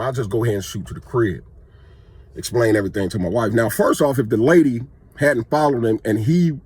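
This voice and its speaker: A man's voice: mid-range voice, darkish tone, husky. A man vlogging, telling a personal story in a casual, conversational way that is emphatic and full of restarts.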